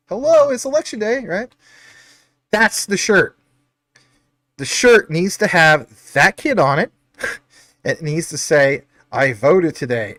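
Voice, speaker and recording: A man's voice: high voice, a bit bright, dry recording. A man hosting a casual livestream, reading out chat comments in an upbeat, chatty, jokey way. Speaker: livestream host.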